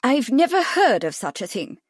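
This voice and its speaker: Lady narrator doing a pipe-smoking gent, emphatic and a bit loud, dry close mic. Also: fairly high pitch, very animated, normal speed, dry recording, voice pushed up. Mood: exclaiming. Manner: emphatic, exclaiming. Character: blunt emphatic English writer, pipe-smoking man.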